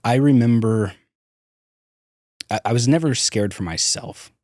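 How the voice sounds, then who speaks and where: A male podcast guest talks candidly about his childhood, swearing freely and often restarting sentences hesitantly. His medium-pitched voice has a darkish tone and a slightly slow pace, recorded at studio quality with no room sound.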